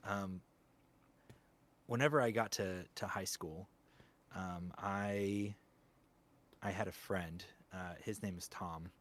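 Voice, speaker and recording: Deep-voiced man talking reflectively. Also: steady tone, takes it slowly, pauses often. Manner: reflective, rambling with fillers. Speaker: guest voice actor. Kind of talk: casual interview chat.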